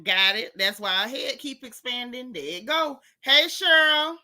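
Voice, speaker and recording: A woman's voice: fairly high pitch, lively intonation, normal speed, sharp tone. A woman from Florida with a Florida accent, hosting a live-stream and reading out chat comments in a sassy, blunt way, repeating her punchlines.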